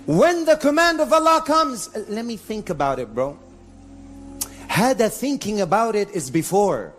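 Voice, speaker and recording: A man preaching a lively live sermon to an audience, mixing Arabic phrases into English, in a venue with a sound system. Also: high-pitched, normal speed, faint music behind. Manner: animated, mixes in Arabic phrases.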